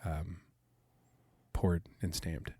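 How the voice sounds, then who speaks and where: A man's voice: low-pitched, flat delivery, very slow, warm tone, slightly rough, dry recording. A man hosting a podcast in casual chat, laid-back and easygoing. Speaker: podcast host.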